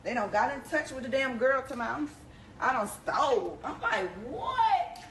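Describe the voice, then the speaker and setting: Woman, slightly high voice, casual animated storyteller, slangy and direct, noisy recording. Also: normal speed. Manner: animated, slangy, talks straight to the audience. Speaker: reality show personality telling a story. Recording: background noise under the voice.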